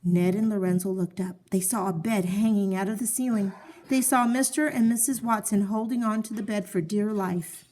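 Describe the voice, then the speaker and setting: A woman calmly narrating a children's story, reading it aloud. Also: mid-range voice, normal speed.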